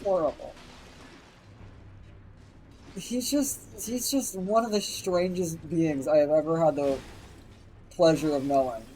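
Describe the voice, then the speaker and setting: A man's voice: fairly high pitch, slow pace, pauses often, a little hiss or hum, rough recording. A man telling a rambling anecdote on a stream, swearing constantly and livening it with quoted voices. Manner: profane, animated anecdote telling. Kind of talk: casual storytelling.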